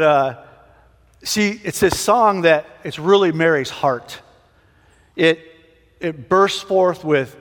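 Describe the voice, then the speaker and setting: A man teaching a Bible passage in a casual sermon, conversational and prone to restarts. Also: a little high. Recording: long hall reverb.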